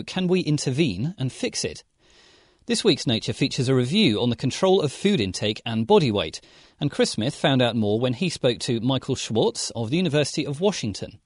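A man presents as a podcast host, reading a polished script. His pitch moves a lot as he speaks, and the recording is dry and close, with no room sound. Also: no room sound. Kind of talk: scripted narration.

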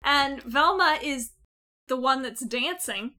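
High, bright-voiced sarcastic woman. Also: takes it slowly. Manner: blunt, profane, sarcastic. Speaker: podcast co-host. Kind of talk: casual comedic movie review.

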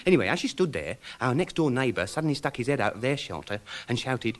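A man's voice: mid-range voice, sing-song, quick pace, close to an everyday voice. An actor playing a fussy male pier co-owner ruled by his mother, talking in a prim, flustered way in a radio sitcom. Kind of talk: 1990s radio sitcom acting. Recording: hissy archive radio broadcast.

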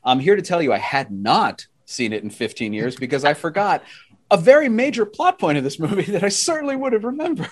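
A man co-hosting a podcast, telling stories in an animated way and laughing often. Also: fairly high pitch, brisk. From United States. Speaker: podcast co-host. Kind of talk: casual chat.

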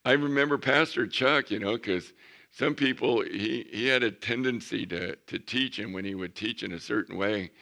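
A man preaching a sermon as pastor, reading scripture slowly and building to emphatic points. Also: mid-range voice, creaky, pushed and bright. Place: church.

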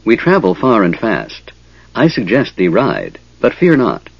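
A man's voice: lowish voice, huge pitch swings, a little slow, gravelly, slightly rough, dry recording, highs cut off, exaggerated voice. A man voicing a commanding male centaur leader who speaks in archaic thee-and-ye phrasing, giving cool, stern orders.

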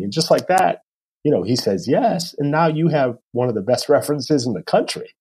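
A man's voice: mid-range voice, expressive, moderate pace, a little mellow, breathy edge. A man who advises coaches on their careers, talking casually and acting out quotes as he tells stories. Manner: storytelling, acts out quotes. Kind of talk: casual interview talk.

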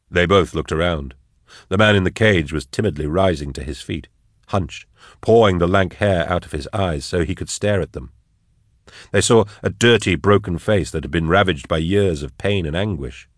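A man narrating an audiobook in a measured, dramatic way. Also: sits low, dry recording, clean studio sound.

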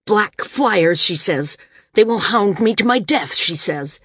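A woman's voice: fairly low pitch, expressive, unhurried, husky, no echo, clean studio sound. A woman voicing a paranoid, imperious male landsman who speaks shrilly and angrily. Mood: shrill, angry.

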